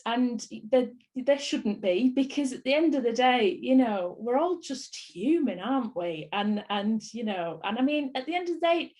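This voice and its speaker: A woman from Bolton with a Northern English accent, chatting in an interview, rambling and laughing often. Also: medium pitch. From Bolton, England. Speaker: actress, interviewee. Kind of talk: casual interview chat.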